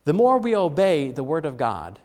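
A man's voice: fairly high pitch, huge pitch swings, normal speed, a little mellow. A middle-aged man preaching a conversational sermon to his congregation, chatty, with joking asides and frequent fillers and restarts. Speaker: pastor. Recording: long hall reverb.

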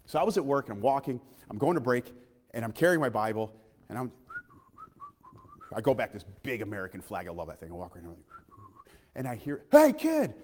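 A man preaching a sermon in a church, impassioned, swinging from loud calls to hushed asides and asking his listeners questions. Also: fairly low pitch, animated, brisk, long pauses, long reverb tail.

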